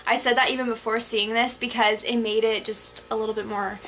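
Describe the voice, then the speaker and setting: A young woman with a bright, slightly high voice talks casually and excitedly in a video chat with a friend. She giggles a lot and often stops and restarts her sentences. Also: a little fast, slight background noise. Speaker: book vlogger.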